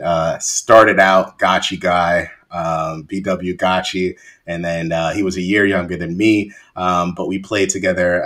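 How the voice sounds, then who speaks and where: Deep-voiced young man hosting a podcast. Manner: relaxed, repeats words and uses many fillers. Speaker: podcast host. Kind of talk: casual interview chat.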